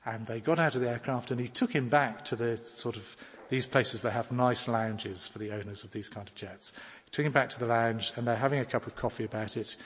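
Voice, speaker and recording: A man delivers an earnest, pleading sermon. His voice is husky and mid-pitched. It rings out with a long reverb, as if in a large church hall. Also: a little fast, fairly bright tone. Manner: earnest, pleading, rising to emphatic questions. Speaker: preacher. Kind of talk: sermon with storytelling.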